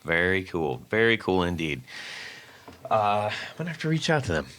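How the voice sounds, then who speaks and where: A man's voice: sits low, sing-song, moderate pace, fairly bright tone. A man co-hosting a guitar podcast in a playful, joking way. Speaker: podcast host. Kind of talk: casual podcast chat.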